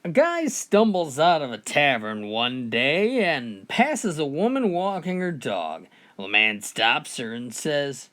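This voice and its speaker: Brief: male joke teller, folksy and animated, easygoing build-up to each punchline. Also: on the high side, slow pace, few pauses. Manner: folksy delivery, often opening lines with "well". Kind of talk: told jokes, comic storytelling.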